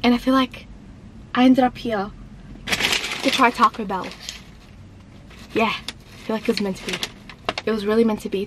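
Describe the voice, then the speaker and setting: A woman's voice: a little high, animated, normal speed, long pauses, noisy background. A woman chatting casually to her viewers from inside a car, giggly and easily flustered. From Australia. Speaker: vlogger. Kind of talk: casual vlog. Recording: background music under the voice.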